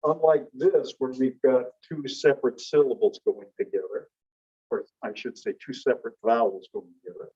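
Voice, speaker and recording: Dull-sounding, husky male teacher lecturing a class. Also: medium pitch, steady tone, normal speed, dark tone. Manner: explains step by step, asks the class questions.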